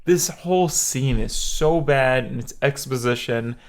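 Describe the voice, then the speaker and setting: A man with a mid-pitched voice chats bluntly about a film, dropping casual swears. His talk is loose and offhand. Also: unhurried. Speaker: podcast co-host. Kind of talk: casual movie review chat.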